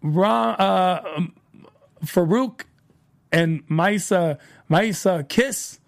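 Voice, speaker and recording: A man's voice: high voice, very slow, vocal fry. A man hosting a TV review show, recapping episodes in a casual, rambling way that repeats phrases as he retells scenes.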